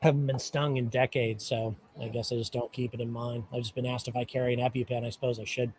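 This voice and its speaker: A man's voice: medium pitch, fast, slight background noise, low-quality recording. Chatty man hosting an outdoor live stream. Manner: relaxed, chatty, many fillers, greets viewers by place. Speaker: livestream host. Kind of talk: casual live stream chat. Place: outdoors at a launch site.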